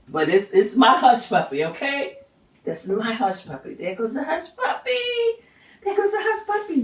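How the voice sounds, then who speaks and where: A middle-aged woman hosts a home cooking show, talking the viewer through each step in a relaxed, encouraging way. Her voice sits fairly high and she repeats phrases as she cooks. She stands a little away from the mic, and the kitchen adds a roomy echo. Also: distant mic. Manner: chatty, encouraging, repeats herself; sings a church hymn. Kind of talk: casual cooking demonstration.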